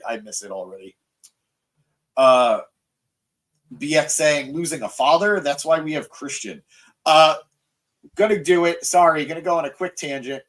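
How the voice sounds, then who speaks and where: Excitable joking man hosting a podcast. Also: medium pitch. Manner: excitable, joking, self-mocking, frequent fillers. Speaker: podcast host. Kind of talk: live wrestling review podcast, reading viewer comments.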